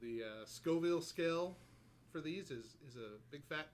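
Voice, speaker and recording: A man hosting a spicy-food challenge video, talking in an animated way with dramatic groans. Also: fairly high pitch, moderate pace, a little hiss or hum. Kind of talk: casual challenge video banter.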